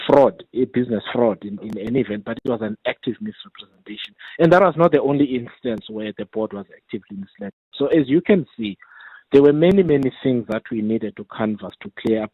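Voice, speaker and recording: A man speaks in a measured, methodical way, often repeating a word as he lines up his next point. His voice is husky and comes through a tinny phone line. The sound is dry, with no room around it. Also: mid-range voice, no echo. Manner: measured, repeats words while building points. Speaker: parliamentary committee chair, guest. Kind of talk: radio interview over the phone.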